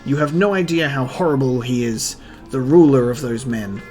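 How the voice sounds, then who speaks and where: A man voicing a panicky, middle-aged male town mayor while reading a manga aloud, with a shrill, pleading, nervous delivery. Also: moderate pace, dark tone, soft background music, lightly acted. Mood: fearful.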